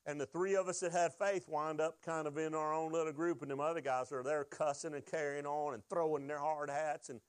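A pastor with a fairly high voice preaches a sermon built around his personal testimony. He tells it earnestly as a story, drawing out his key phrases, and the recording has no echo.

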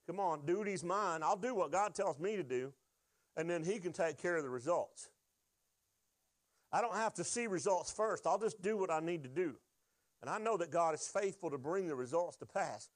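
A man's voice: high-pitched, moderate pace, dry recording. A man preaching a sermon, telling a personal testimony in an earnest storytelling way and drawing out his key phrases. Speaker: pastor.

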